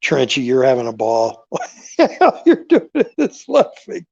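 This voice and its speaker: A man hosting a casual livestream, rambling through stories with animated swings between loud remarks and murmured asides. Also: mid-range voice, slow, vocal fry, no echo. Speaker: livestream host. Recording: dull lo-fi livestream audio.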